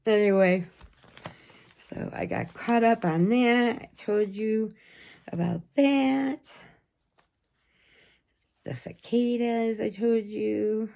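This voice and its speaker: A woman's voice: fairly high pitch, slow pace, creaky, long pauses, a little mellow. A middle-aged woman chatting casually in a vlog, telling stories, laughing often and acting out what people said. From United States. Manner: chatty storyteller, laughs often, acts out quotes. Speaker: vlogger. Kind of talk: casual chat.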